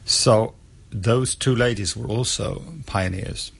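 A man giving measured radio interview answers, pausing often with fillers. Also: on the low side, gravelly, breathy edge. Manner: measured, with many pauses and uh fillers. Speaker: author interviewed about a historical figure.

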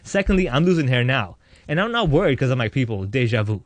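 A man in his thirties, an interviewee, telling his own life story in a candid, animated way with a joking streak. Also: fairly high pitch, quick pace, no echo. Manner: animated, joking, acts out voices in quotes.

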